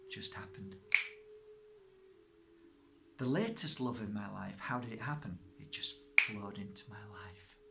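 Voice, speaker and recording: A man's voice: mid-range voice, sharp tone, a little hiss or hum. A man, a psychic and spiritual teacher, giving an emphatic, repetitive self-help talk. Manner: emphatic, repetitive, rising to fervent.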